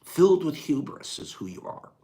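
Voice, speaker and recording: An older man hosting a casual talk on a quote, moving between quiet musing and loud rhetorical outbursts in a folksy way. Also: a little high, sing-song, moderate pace. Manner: folksy, says gosh darn and dude. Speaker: host.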